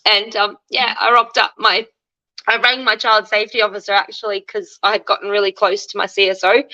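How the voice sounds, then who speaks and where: A woman's voice: mid-range voice, sharp tone, lo-fi sound. A woman in her thirties with an Australian accent, telling her story as an interview guest in a candid, chatty way. She acts out the dialogue she quotes.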